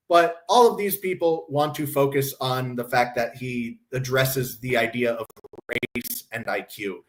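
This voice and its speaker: A man's voice: medium pitch, lively intonation, a little slow, fairly bright tone. A man hosting a commentary stream, ranting sarcastically and mocking others in put-on quotes. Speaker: podcast host.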